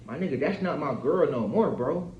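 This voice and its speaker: This thirty-something vlogger rambles through a casual rant, his slightly high voice animated and a little mellow at a moderate pace. Swearing without restraint, he repeatedly checks in with "you feel me." Faint hiss or hum sits on a dull, lo-fi, echoey room recording.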